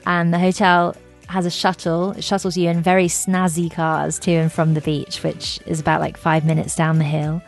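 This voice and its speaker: Enthusiastic woman podcast host, slightly gravelly. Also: on the low side, monotone, normal speed, soft background music. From England. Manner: enthusiastic, gushing with fillers. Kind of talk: chatty travel podcast monologue.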